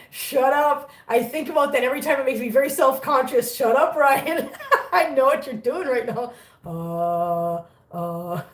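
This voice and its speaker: A woman's voice: fairly high pitch, recorded from a distance. A woman from the US, chatting casually to her live stream viewers and laughing often. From Southern US. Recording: roomy sound from off mic.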